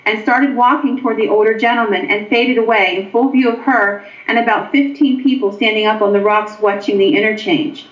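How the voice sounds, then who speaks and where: A woman recounting a ghost encounter at length, pausing on ums as she goes. Her voice sits a little high. The line sounds roomy and muffled, like a low-fidelity remote feed. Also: steady tone. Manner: anecdotal, hesitant with frequent ums. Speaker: guest author and paranormal investigator. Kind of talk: storytelling in a show interview. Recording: echoey, dull lo-fi line.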